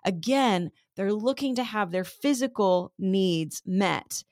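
A woman's voice: mid-range voice, animated, slow, a little mellow, no echo, clean studio sound. A woman teaching a casual Bible lesson, retelling scripture scenes in conversational everyday speech.

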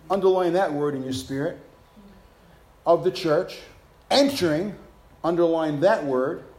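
A man preaching a sermon as pastor, rising from calm explanation into fervent, shouted exhortation. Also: on the high side. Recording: echoey room.

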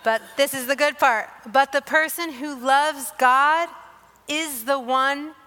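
A woman preaches a sermon in a high, bright voice, earnest and emotional as she tells her own story. She often repeats phrases for emphasis. Her voice rings with the long reverb of a large hall. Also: steady tone, slow. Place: church or hall with staff present.

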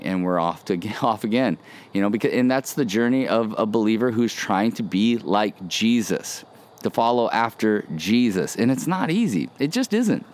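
A man's voice: fairly low pitch, lively intonation, moderate pace, a little mellow. A man hosting a casual devotional podcast outdoors, speaking earnestly and encouragingly and often repeating phrases. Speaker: podcast host. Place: outdoors by a pool.

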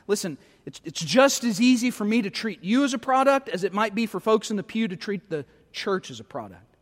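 A middle-aged pastor with a notably high, expressive voice delivers a sermon, his words fading into the sanctuary's long reverb. Conversational and self-deprecating, he frequently caps his points with quick questions to the congregation.

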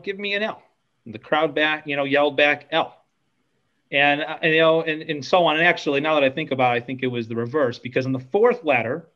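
A man's voice: a little high, fairly bright tone, lo-fi sound. Rambling man telling a story. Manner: rambling, self-deprecating, many fillers. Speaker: podcast guest. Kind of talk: casual storytelling.

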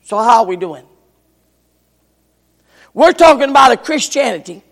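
An older man preaching a sermon, swinging from shouts to hushed near whispers. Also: very high voice, animated, normal speed, gravelly. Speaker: pastor. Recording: long hall reverb.

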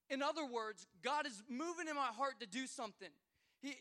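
A man in his thirties delivers a sermon in a notably high voice. He often restarts his phrases and moves between loud calls to the congregation and quiet personal storytelling. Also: brisk. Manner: preaching with many repeated starts, swinging from loud exhortation to quiet storytelling. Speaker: pastor.

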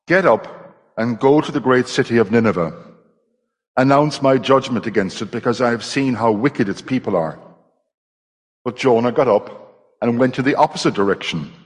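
A man reading a scripture passage aloud in church, measured and dramatic. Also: medium pitch. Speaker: scripture reader. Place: church hall. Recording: long hall reverb.

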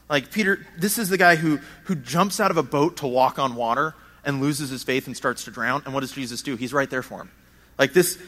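A man's voice: a little high, a bit bright. A man preaching a sermon in an earnest, conversational way, often repeating words as he builds his points.

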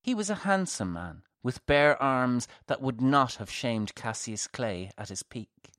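Slow steady guy reading a novel, dry booth sound. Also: mid-range voice, dry recording. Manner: slow, measured. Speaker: narrator. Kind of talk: audiobook narration.

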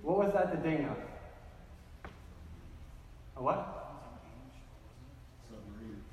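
A man's voice: medium pitch, big pitch swings, slow, highs cut off, slight background noise. A man preaching a sermon as pastor, in a chatty style that keeps checking in with "right?". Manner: conversational, keeps asking "right?". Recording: echoey hall, distant mic.

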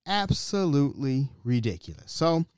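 A man hosting his own podcast, telling a story in a blunt, slangy, animated way. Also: mid-range voice, normal speed, clear, resonant tone, no room sound, studio quality. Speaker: podcast host. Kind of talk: solo podcast monologue.

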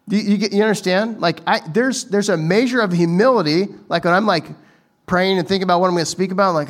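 A male preacher with a somewhat high-pitched voice delivers a loose, chatty sermon. He wanders through his points, often restarting his sentences and turning to the audience with quick asides. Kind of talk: casual conversational sermon.

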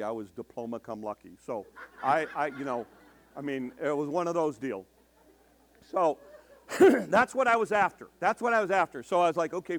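An older man preaching in a storytelling way, emphatic and slowing down to stress his points. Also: medium pitch. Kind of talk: storytelling sermon.

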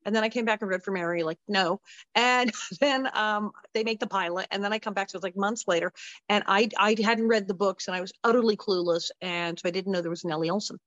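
A middle-aged woman, a former child actress, telling lively anecdotes as an interview guest and acting out the voices she quotes. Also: medium pitch, quick pace, dry recording. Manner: animated, acts out quoted voices. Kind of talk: anecdotal storytelling. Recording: dull lo-fi sound.

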